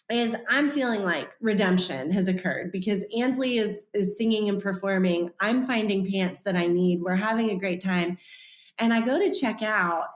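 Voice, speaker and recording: A woman in her thirties, an author and podcast guest, telling a personal story in a lively way and acting out the voices of the people in it. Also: medium pitch, echoey room. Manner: animated, acts out quoted voices.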